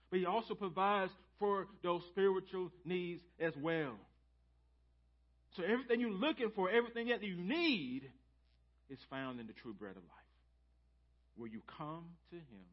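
A man preaching a sermon, swinging from loud emphasis to hushed near-whispers. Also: high-pitched. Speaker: pastor. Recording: slightly dull lo-fi church audio.

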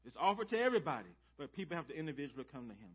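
High-voiced preacher, loud then hushed. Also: male voice, very animated, rapid-fire, breathy edge. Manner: dynamic, swings from loud emphasis to hushed near-whispers. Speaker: pastor. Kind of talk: sermon. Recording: slightly dull lo-fi church audio.

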